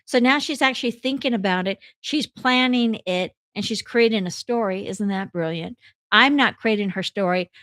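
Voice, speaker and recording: A woman's voice: medium pitch, moderate pace, a bit bright, no room sound, clean studio sound. A woman life coach and hypnotherapist talking casually and candidly, telling stories to her audience. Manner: candid, chatty storyteller.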